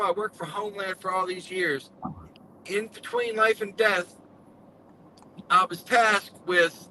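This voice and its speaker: High, bright-voiced earnest storytelling man. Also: slight background noise, rough recording. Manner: earnest storyteller, folksy speech. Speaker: guest telling his story. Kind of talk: casual live-stream chat.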